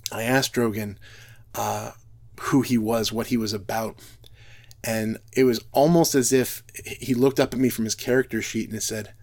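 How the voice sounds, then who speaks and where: Man, middle-pitched, earnest reflective speaker, frequent restarts. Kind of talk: earnest talk on role-play and Bible reading.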